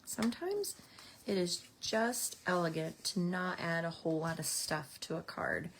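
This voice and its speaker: A woman's voice: on the low side, lively intonation, unhurried, slight background noise. A woman teaching a card-making class, chatting casually as she explains each step while working. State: out of breath at times. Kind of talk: casual craft tutorial.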